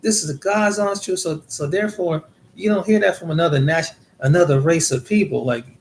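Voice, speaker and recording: A man's voice: a little high, fairly quick, a little hiss or hum. A man from the United States talking in a casual monologue, rambling and repeating words as he tells his experiences. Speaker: vlogger.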